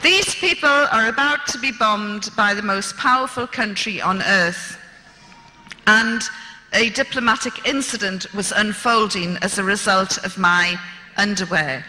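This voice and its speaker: British woman, fifties, slow and deliberate, very bright tone, storytelling lecture in a long-reverb hall. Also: slight background noise. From Britain. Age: 50s. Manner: animated, acts out dialogue with raised pitch. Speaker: speaker.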